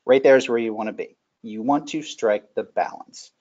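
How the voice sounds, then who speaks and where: A man giving a conversational security presentation in a folksy, animated way, full of asides and stories. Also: mid-range voice, moderate pace. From Northern Virginia. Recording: muffled lo-fi web audio.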